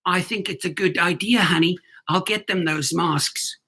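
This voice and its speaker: A man's voice: high voice, normal speed, bright, forceful tone, slightly rough, pitched above the performer's own voice, exaggerated voice. A man mocking a smug, drawling male executive.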